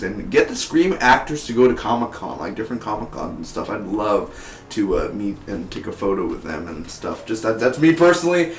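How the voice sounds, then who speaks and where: A young man chatting through a casual spoken TV review in a rambling, excitable way. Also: fairly low pitch. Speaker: TV show reviewer. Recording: echoey room.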